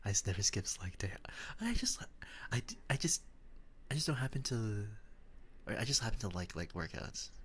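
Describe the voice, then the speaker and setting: A young man from the Philippines chatting with his chat in a soft, whispered role-play style, giggling often. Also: lowish voice, big pitch swings, normal speed, slightly rough. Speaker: streamer.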